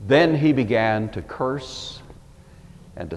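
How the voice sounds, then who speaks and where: A man's voice: medium pitch, expressive, a little slow, big-room sound. An older man from the Pacific Northwest giving an earnest, emphatic Bible lecture with wry asides, in a plain Pacific Northwest American accent. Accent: Pacific Northwest American English. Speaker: Bible teacher.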